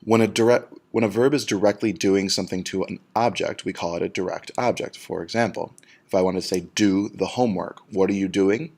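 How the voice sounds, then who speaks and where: A man, a Spanish teacher, explaining a grammar lesson step by step and slowing down on the example words. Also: low voice, a little mellow.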